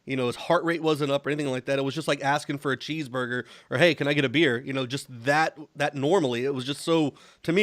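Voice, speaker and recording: A man's voice: medium pitch, fairly bright tone, no room sound, clean studio sound. A man hosting an interview, talking in a casual, rambling way and telling a long story full of fillers. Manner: conversational and rambling, many fillers. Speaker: show host, interviewer.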